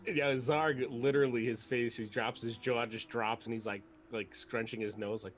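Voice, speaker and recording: Man, tabletop player, casual lively narrating, mid pitch. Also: normal speed, hardly any pauses.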